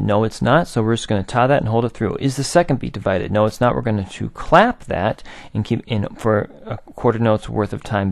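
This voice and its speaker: A man's voice: medium pitch, creaky, no echo, clean studio sound. A man teaching a recorded aural theory lesson, patiently explaining and chanting rhythm syllables.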